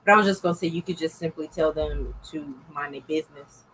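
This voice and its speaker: A woman's voice: low voice, quick pace, a bit bright, slight background noise, low-quality recording. A woman chatting casually with her brother, teasing him and giving playful mock advice. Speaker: guest's sister. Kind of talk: casual chat.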